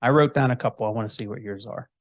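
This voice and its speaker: A man's voice: mid-range voice, racing, dry recording, studio quality. A man hosting a podcast interview, talking in an easygoing, rambling way with restarts. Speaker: podcast host. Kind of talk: casual interview chat.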